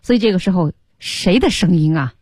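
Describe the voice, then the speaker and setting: A woman's voice: lowish voice, lively intonation, fairly quick, a little mellow, breathy edge, dry recording. A woman teaching English on the radio, explaining a story line by line and imitating sounds playfully.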